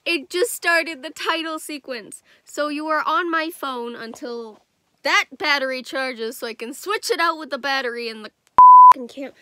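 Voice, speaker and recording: A woman's voice: high-pitched, moderate pace, pushed and bright, slight background noise. A woman giving casual reaction commentary, chatty and rambling, often breaking off mid-sentence. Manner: chatty, rambling, self-interrupting. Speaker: reaction video creator.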